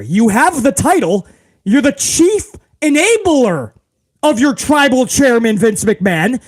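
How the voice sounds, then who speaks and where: Male host with a high voice, profane and ranting, often shouting. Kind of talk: profane live-stream rant.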